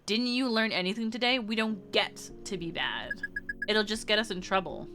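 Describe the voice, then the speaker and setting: A woman reading the part of a cautious, reasonable teenage girl aloud from a visual novel, in a calm, reasoning manner. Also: medium pitch, moderate pace, close to an everyday voice. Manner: calm, reasoning, mildly preachy. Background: game music.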